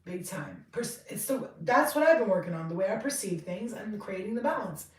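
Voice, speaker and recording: A woman in her thirties talks through a tarot reading in a loose, rambling way, swearing freely and getting excitable. Her voice sits at a middling pitch. It sounds roomy and set back from the microphone. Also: a little fast, distant mic. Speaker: tarot reader. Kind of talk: casual tarot reading monologue.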